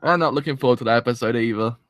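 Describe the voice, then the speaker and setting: A man's voice: mid-range voice, rapid-fire, fairly bright tone, dry recording, clean studio sound. A man hosting a live anime reaction, tearful and emotional, rambling and swearing mildly as he talks. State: tearful, crying. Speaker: anime reaction channel host.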